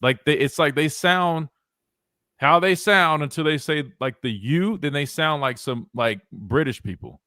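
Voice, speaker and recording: A man's voice: a little high, measured pace, dry recording, clean studio sound. A young man hosting a live sports radio show, chatting casually and rambling with lots of restarts. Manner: rambling, animated, lots of restarts and "wait, hold on". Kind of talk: casual talk radio chat.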